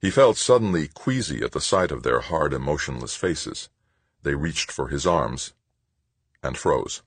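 A man narrating an audiobook in a measured, expressive way. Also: extremely low pitch, slightly rough, dry recording. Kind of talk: scripted narration.

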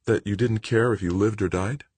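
A man's voice: fairly low pitch, steady tone, moderate pace, a little mellow, slightly rough, no room sound, voice pushed up. A man doing an anxious young miner. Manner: pleading and alarmed.

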